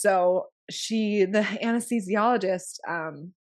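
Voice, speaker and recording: Frank, lower-voiced young woman telling a story. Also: a little slow. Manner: frank, swears freely, many filler "like"s. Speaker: podcast guest. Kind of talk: candid personal storytelling.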